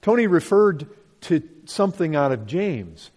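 A man's voice: fairly high pitch, big pitch swings, measured pace, a little mellow. A man teaching from the Bible to an audience, emphatic, asking rhetorical questions and repeating his points. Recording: long hall reverb.

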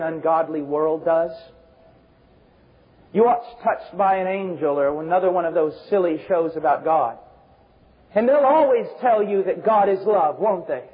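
High-voiced preacher guy, shouts then drops low, kinda muffled lo-fi sound. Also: slightly rough. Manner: fervent, swings from shouting to low intense tones. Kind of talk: sermon. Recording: dull lo-fi recording.

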